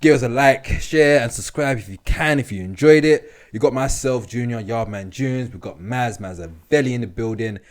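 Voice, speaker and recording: A man's voice: mid-range voice, normal speed, hardly any pauses. Laid-back slangy male podcast host. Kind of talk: casual chat.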